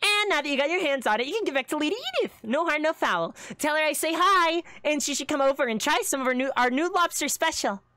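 A woman's voice: sits high, animated, fast, hardly any pauses, bright, forceful tone, no echo, studio quality. A woman voicing a quirky young woman who runs a seafood restaurant, giggly and playful in a live roleplay. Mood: cheerful. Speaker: restaurant owner character.

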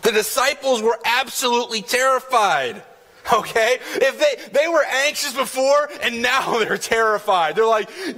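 A male pastor preaching a sermon in a church, his voice pitched high and gravelly with fry. He talks emphatically, acting out the voices in the story as he goes. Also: measured pace, sharp tone. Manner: emphatic preaching with repeated "man" and acted quotes. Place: church sanctuary.

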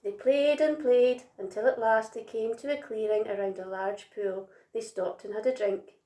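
Lady reading a kids book out loud, expressive and gentle, highish voice, echoey room. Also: moderate pace. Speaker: storyteller. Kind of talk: reading a picture book aloud. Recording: roomy echo.

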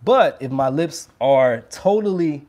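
A man's voice: fairly high pitch, expressive, slow, darkish tone. A man giving a casual trumpet lesson, talking straight to viewers in an upbeat, hands-on way. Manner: upbeat, demonstrates by putting on strained voices. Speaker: trumpet teacher.

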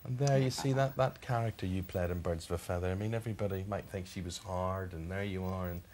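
A man's voice: deep voice, fast, darkish tone, a little hiss or hum. A man hosting a daytime studio show, jokey and teasing with guests. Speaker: daytime TV host. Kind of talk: studio chat.

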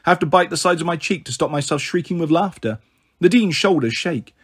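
Man reading a novel out loud, expressive, a bit husky, slightly high voice. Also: fairly quick. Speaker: storyteller.

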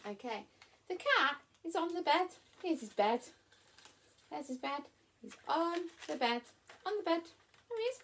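A woman gives a reading and handwriting lesson to young children, her voice bright and high. She swoops up and down in a lively sing-song and draws each word out slowly and clearly. Her tone stays encouraging and exaggerated, as if coaxing small learners along. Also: slight background noise. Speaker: primary school teacher.

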